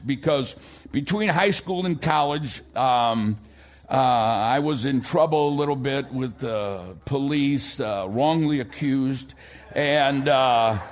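A middle-aged American man preaching a sermon as pastor, telling stories animatedly and rising into shouts for emphasis. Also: a little high. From United States.

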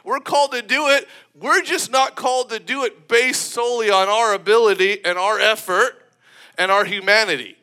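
Man, preacher, sermon, very high pitch, animated, emphatic, laughs often. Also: moderate pace.

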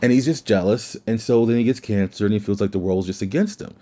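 A fast-talking man with a lowish, dark voice hosts his own show, working through his thoughts in a rambling, casual solo commentary and restarting sentences often. The audio is dull.

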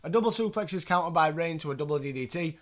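A man's voice: on the high side, expressive, rapid-fire. A man hosting, casually recapping wrestling with chatty asides and swearing. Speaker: podcast host.

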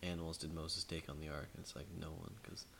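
A podcast co-host with a very low, creaky voice chats loosely, telling long rambling stories packed with fillers and restarts. He talks fast in a level, fairly bright tone, with a faint hiss under the recording.

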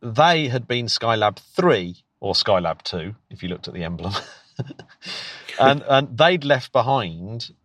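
A man's voice: medium pitch, expressive, measured pace, a bit bright, dry recording. A British man, a podcast co-host and teacher, chatting casually and eagerly with frequent restarts and laughs. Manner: enthusiastic, stumbling restarts, laughs often. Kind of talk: casual chat.

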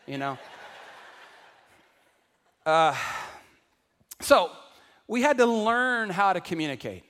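A man preaching a sermon to a congregation, animated and calling out to the crowd, acting out everyday voices for laughs. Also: high-pitched, measured pace, pauses often, big-room sound. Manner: acts out household voices for laughs. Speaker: pastor. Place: large church hall.

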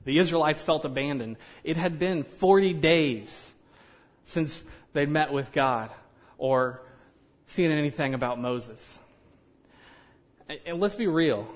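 A man preaching a sermon in a conversational way, with joking asides and frequent "you know". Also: medium pitch.

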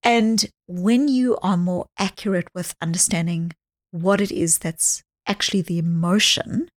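A woman speaking as a psychologist guest on a podcast interview, explaining ideas earnestly and dropping to a soft voice when she acts out quoted speech. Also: fairly low pitch, steady tone, measured pace.

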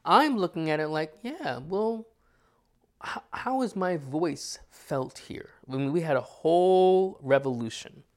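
A man's voice: fairly high pitch, lively intonation, unhurried, few pauses, a little mellow. American male astrologer, casual and reflective, rhetorical questions. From United States. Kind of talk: casual conversation.

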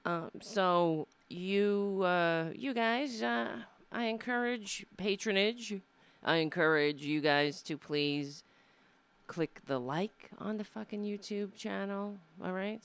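A woman's voice: mid-range voice, a little slow, vocal fry, clear, resonant tone. A woman comedian from hosting her own show, talking in a rambling, profane, sardonic way into a desk microphone. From Brooklyn, USA. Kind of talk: casual live-stream monologue.

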